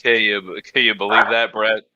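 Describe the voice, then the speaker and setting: Very bright-voiced upbeat host, dry sound. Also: male voice, on the low side, flat delivery, normal speed, no echo, highs cut off. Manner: upbeat, hypes and plays along. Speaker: press conference host. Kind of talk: announcer-style presenting.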